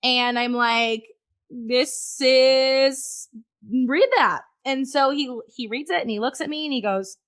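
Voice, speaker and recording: A woman's voice: high voice, slow pace, fairly bright tone, smooth. A woman guest on a podcast, frankly telling a personal story in conversation and swearing freely.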